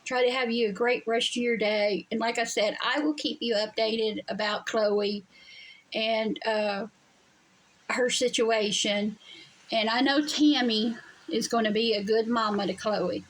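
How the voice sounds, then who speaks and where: A woman's voice: on the high side, fairly even intonation, a little slow, rough recording. A woman telling a story to her viewers in a blunt, emphatic way from her home. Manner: blunt, emphatic, swears freely. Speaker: vlogger. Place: home during a storm.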